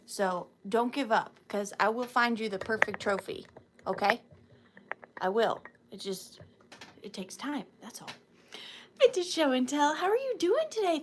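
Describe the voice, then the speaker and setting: A woman's voice: high-pitched, a bit bright. A sleepy woman with a Southern US accent hosting a live sale stream, chatting casually and greeting viewers by name, sometimes dropping to a whisper.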